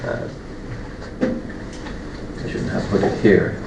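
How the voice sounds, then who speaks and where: A man teaching a classroom lesson on Quran recitation, explaining patiently step by step with repeated examples. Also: extremely slow. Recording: echoey room, light background hum.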